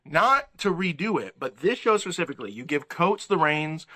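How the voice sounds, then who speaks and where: A man, a podcast guest, riffing in a casual comedic movie review and acting out lines from the film. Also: fairly high pitch. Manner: animated, mimics characters in quick asides.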